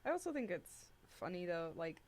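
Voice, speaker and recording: A woman's voice: on the low side, big pitch swings, moderate pace, darkish tone, slight background noise. Chatty young woman co-hosting a talk show. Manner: chatty, upbeat, with frequent "like". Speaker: co-host. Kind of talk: casual discussion podcast.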